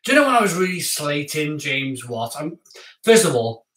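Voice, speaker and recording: A man reviewing craft beer on a live stream in casual, excitable chat with his viewers. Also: a little high, moderate pace, recorded from a distance. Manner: chatty, excitable, talks to viewers. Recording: echoey room, off-mic.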